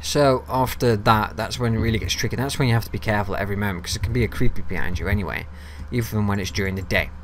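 A man's voice: on the low side, racing, hardly any pauses. Young dude narrating his game, talks to the mobs, swears a lot, faint hiss behind. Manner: chatty, talks to viewers and mobs, swears freely; gets loud and excited when ambushed. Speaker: gaming video host. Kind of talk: casual let's-play commentary.

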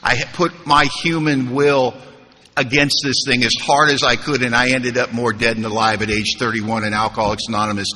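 A man's voice: medium pitch, little pitch movement, brisk, pushed and bright. A man speaking at a recovery convention, telling his story with humor and rhetorical questions to the room. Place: large conference hall. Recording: hall reverb, faint room noise.

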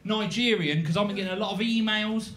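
A young man in his twenties performing live stand-up comedy in a small venue, animated and playful with dry asides. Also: sits high, fast, noisy background. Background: audience laughter.

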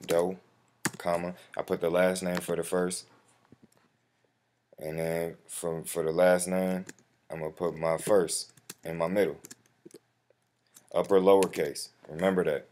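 Very deep-voiced man, slangy tutorial. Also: level tone, unhurried, pauses often, a little mellow. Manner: slangy, addresses viewer as bro; profane when flustered. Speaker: tutorial host. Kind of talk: casual screen-recorded walkthrough. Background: keyboard typing and mouse clicks.

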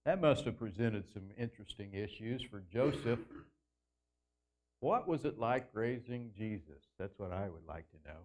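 A man preaching a sermon as pastor in a church, earnest, slowing down and lifting his voice to stress key phrases. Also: lively intonation. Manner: earnest preaching, slows and lifts pitch for emphasis. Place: church sanctuary.

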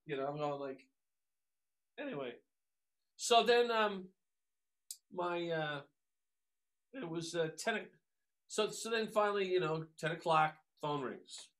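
Man from the new york area, bright forceful tone, slightly high voice, chatty animated storytelling. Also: unhurried, long pauses. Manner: animated, full of fillers and acted-out quotes. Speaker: guest musician. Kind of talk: casual storytelling.

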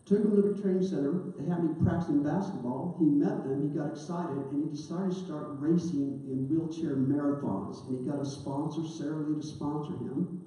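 A woman's voice: deep voice, fairly quick, hardly any pauses, dark tone. A middle-aged woman, a sport psychologist, earnestly telling a personal story to an audience in a lecture. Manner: earnest, anecdotal, with quoted dialogue. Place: large hall. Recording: echoey hall, distant mic.

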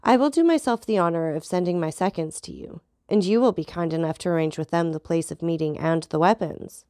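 A woman's voice: fairly low pitch, brisk, dark tone, no echo, clean studio sound, lightly acted. A woman reading as an indignant young nobleman. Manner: urgent, insistent demands. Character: indignant young nobleman, proud and hot-tempered.

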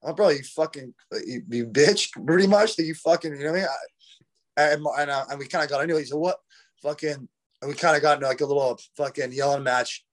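A man's voice: fairly high pitch, fairly even intonation, fast. A man as a podcast guest, telling stories in a rambling, profane way, full of "bro" and "dude". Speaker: guest, retired fighter. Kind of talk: casual storytelling. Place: podcast conversation.

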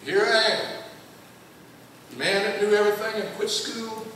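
An older guest preacher tells a long personal story in a folksy, emphatic sermon. His voice sits high with a sharp tone and moderate pace, heard from far off in an echoey church sanctuary with slight background noise.

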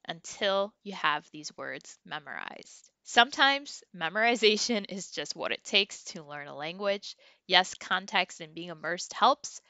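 A woman teaching a Spanish lesson, modelling words slowly and clearly for learners to repeat, and leading a chant. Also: lowish voice, sharp tone, no echo. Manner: chanting word lists with a rising final word. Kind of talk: online language lesson.

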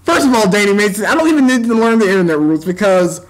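A man's voice: high-pitched, racing, poor audio. An American man ranting on his vlog, insulting and scornful as he reacts to other YouTubers' videos. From United States.

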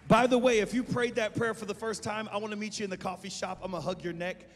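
A man preaching an altar call to a congregation, fervent and rising to shouts, recorded live in a church. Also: high voice, steady tone, fast talker. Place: large church sanctuary. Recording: live in a reverberant church with music.

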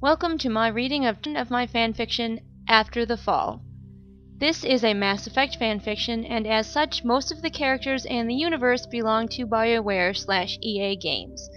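A woman reading her own fan fiction aloud in a calm, even storytelling voice. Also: on the high side, normal speed, highs cut off. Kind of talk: narrated audiobook-style reading. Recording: music playing behind the voice. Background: background music.

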